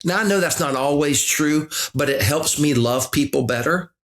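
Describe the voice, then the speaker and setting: A man's voice: on the high side, normal speed, fairly bright tone. Man, middle-aged, pastor guest, reflective podcast talk, earnest, frequent restarts. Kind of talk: reflective conversation.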